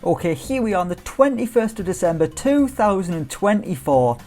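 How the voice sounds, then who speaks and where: Lively chatty British man. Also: high voice, normal speed, faint music behind. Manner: chatty, jokey, self-teasing asides. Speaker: gaming YouTuber. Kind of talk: casual game commentary.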